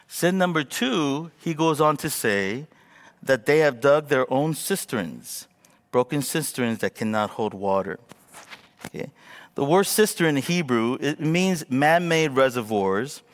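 Man, 40s, pastor, sermon, animated self-mocking storyteller, very expressive pitch, long hall reverb. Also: unhurried.

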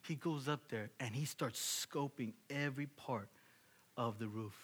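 A man's voice: medium pitch, measured pace, husky. A man in his thirties preaching, telling a story and acting out the dialogue, often dropping to a whisper for emphasis. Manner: animated, acts out dialogue, drops to whispers for emphasis. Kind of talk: sermon illustration storytelling.

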